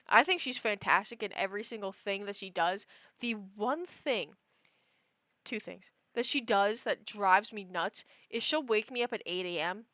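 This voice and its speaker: Animated, exasperated woman streamer. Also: fairly high pitch, no room sound. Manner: animated, exasperated storytelling, lots of fillers. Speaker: livestreamer. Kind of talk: casual chat.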